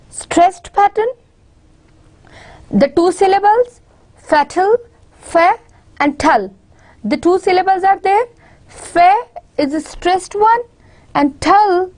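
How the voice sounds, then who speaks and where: A high-pitched woman lecturing at an unhurried pace. She says example words over and over to model their stress. She pauses often and restarts her sentences. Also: darkish tone. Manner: repeats words slowly to model stress, many fillers and restarts. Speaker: university lecturer. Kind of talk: slow classroom lecture.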